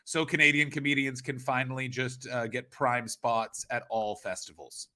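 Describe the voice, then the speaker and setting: A man's voice: mid-range voice, steady tone, moderate pace, sharp tone. A man co-hosting a comedy podcast, riffing in casual chat with rambling, crude rants. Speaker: podcast co-host.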